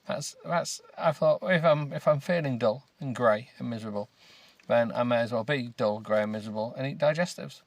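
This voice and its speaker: A British man hosting a comedy podcast, grumbling and rambling as he reads a book aloud with deadpan, self-mocking remarks. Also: mid-range voice, fairly quick, hardly any pauses, dry recording. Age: adult with children. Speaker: podcast host.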